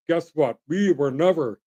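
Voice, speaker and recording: Rambling blunt man, dark voice. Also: on the high side, animated, slow, husky, highs cut off. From Canada. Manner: rambling, blunt and folksy, addresses folks. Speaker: host. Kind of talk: opinionated solo commentary.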